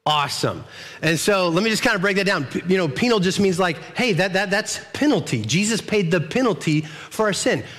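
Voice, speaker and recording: A man's voice: sits high, fairly quick. Conversational man preaching a sermon. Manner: conversational, repeats words and restarts, animated storytelling. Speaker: pastor.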